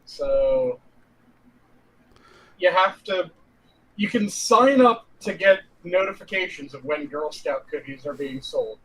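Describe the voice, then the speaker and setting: A man's voice: a little high, animated, slow, long pauses, a bit bright, rough recording. A man chatting casually on a podcast, blunt and profane, teasing the others. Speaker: podcast co-host. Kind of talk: casual crude banter.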